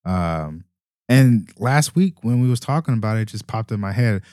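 A man's voice: fairly low pitch, animated, normal speed, mellow, no echo, clean studio sound. A man co-hosting a podcast, chatting casually in a laid-back, joking way. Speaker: podcast co-host. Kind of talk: casual chat.

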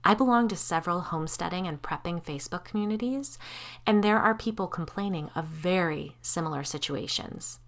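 Brief: a woman reading an earnest, talkative homesteader woman, lowish voice, audiobook story. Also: a little fast, natural voice. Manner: chatty, earnest. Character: rambling theorizing woman homesteader.

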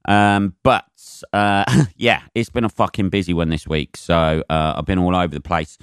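A man's voice: low-pitched, fairly even intonation, normal speed, smooth, dry recording, studio quality. A man hosting his own podcast in a casual, rambling, sweary chat full of fillers. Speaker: podcast host and stand-up comedian.

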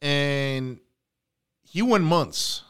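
A man co-hosting a casual podcast, an animated storyteller who breaks off for quick asides and shout-outs. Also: a little high, smooth. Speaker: podcast co-host, real estate investor.

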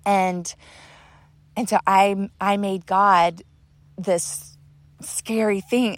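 A woman's voice: medium pitch, steady tone, drawn-out words, pauses often, no echo. A woman podcast host telling a personal story in a casual, earnest, rambling way, leaning on filler words.

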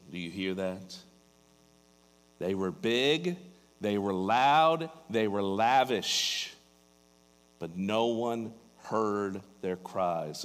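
Preacher man in a reverberant hall. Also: on the low side. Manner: dramatic storytelling, rising to emphatic peaks. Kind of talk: sermon.

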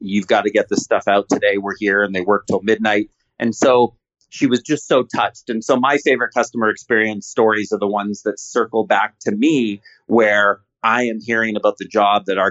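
A man's voice: on the low side, steady tone, moderate pace, fairly bright tone. Male founder guest, earnest storyteller, slightly lo-fi audio. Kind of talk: casual interview chat. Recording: slightly dull lo-fi sound.

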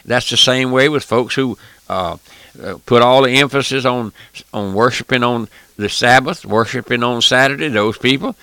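A man's voice: mid-range voice, normal speed, sharp tone, clear, resonant tone, no room sound. A man preaching a radio sermon, fervent and emphatic, repeating phrases and addressing listeners directly.

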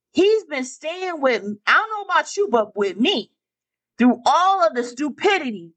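A woman's voice: high voice, pushed and bright, poor audio. A woman preaching a fervent sermon, repeating lines for emphasis and calling out to her listeners.

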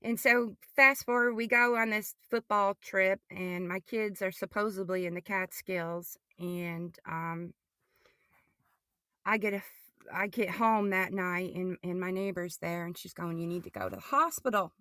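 A middle-aged woman telling her personal testimony as a podcast guest, halting and often restarting or repeating words. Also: medium pitch, steady tone, sharp tone, clean tone, no echo, clean studio sound.

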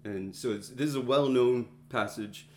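Guy teaching a bible study, chatty, stops to find words, mid pitch, echoey room. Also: slight background noise. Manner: conversational, thinks aloud, pauses to find words. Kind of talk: informal teaching talk to a group.

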